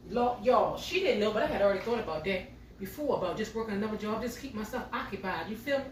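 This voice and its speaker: A woman's voice: medium pitch, lively intonation, fast. Middle-aged lady chatting to y'all while she cooks, kinda far from the mic, faint noise behind. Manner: chatty, talks straight to viewers as y'all. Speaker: home cooking vlogger. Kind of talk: casual storytelling while cooking. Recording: roomy sound from a distance.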